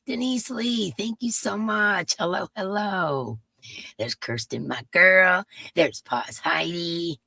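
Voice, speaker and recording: Congested woman with a creaky voice. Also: on the low side, a little slow, bright, forceful tone, dry recording. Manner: chatty, greets viewers one by one. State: congested, stuffy nose. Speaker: live stream host. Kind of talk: casual chat with viewers.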